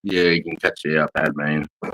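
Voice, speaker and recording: A man's voice: rumbling low, flat delivery, a little fast, fairly bright tone, slight background noise, low-quality recording. A man with an Australian accent in casual chat, telling laid-back, swearing-filled stories as a podcast co-host.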